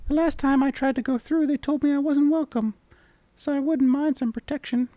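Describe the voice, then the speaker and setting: A man voicing a tiny, chirpy male mini mite creature in a game playthrough, with an excitable, squeaky voice. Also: no room sound. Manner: squeaky, excitable, fast-talking.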